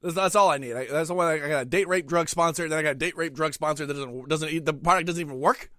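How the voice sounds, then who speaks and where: A middle-aged man hosting a podcast alone, ranting crudely and profanely with sudden loud outbursts while eating. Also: fairly high pitch, quick pace, no echo, studio quality. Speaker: podcast host. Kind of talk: solo comedic rant.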